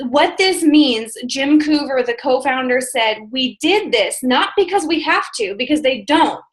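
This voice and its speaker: A woman who is a registered nurse, hosting a team call's news segment with energy, stressing key words slowly and emphatically. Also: sits high, low-quality recording.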